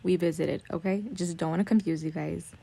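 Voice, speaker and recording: A woman's voice: fairly low pitch, fairly even intonation, gravelly, dark tone, slight background noise. A woman vlogger adding a short voice-over note to her viewers. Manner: quick aside to viewers. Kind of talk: voice-over correction.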